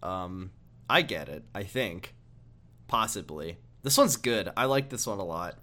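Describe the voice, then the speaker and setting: A man's voice: low-pitched, lively intonation, measured pace, sharp tone. A man co-hosting a casual podcast, joking and laughing often, with plenty of fillers. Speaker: podcast co-host.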